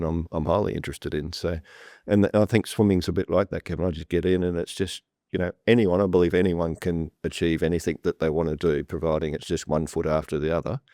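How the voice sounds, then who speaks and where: A man's voice: sits low, mellow, no room sound, studio quality. A man talking as a guest on a property panel, telling stories bluntly with lots of restarts. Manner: repetitive restarts, blunt and plain-spoken. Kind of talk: conversational storytelling on a panel. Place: room with a live audience.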